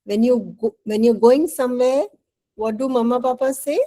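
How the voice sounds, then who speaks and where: A woman's voice: a little high, normal speed, dark tone, a little hiss or hum, low-quality recording. A woman teacher with an Indian English accent giving an online English lesson. She is patient and coaxing, and she often checks in with "right?".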